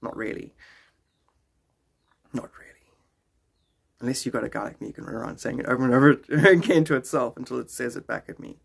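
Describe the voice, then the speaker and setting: A man's voice: medium pitch, a little fast, gravelly, pauses often, a little hiss or hum. A man chatting casually on a phone live stream, rambling and joking, often slipping into silly voices.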